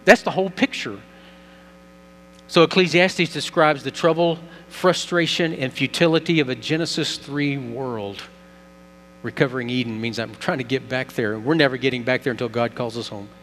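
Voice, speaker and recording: A man's voice: mid-range voice, moderate pace, fairly bright tone. A man preaching a sermon as pastor, telling a story earnestly and building emphasis. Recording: long reverb, faint mains hum.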